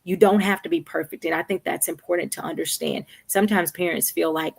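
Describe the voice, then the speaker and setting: Low-voiced woman counselor, conversational. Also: fairly even intonation, fairly quick, vocal fry, few pauses, husky. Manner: conversational, checks in with "right?" and "okay". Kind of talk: live-streamed Q&A advice. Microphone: streaming setup.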